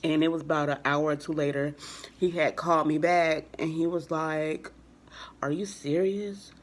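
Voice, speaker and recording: A woman's voice: deep voice, little pitch movement, normal speed. A young woman vlogger telling a personal story in a casual, rambling way. She uses lots of fillers and keeps acting out what people said with "I was like.".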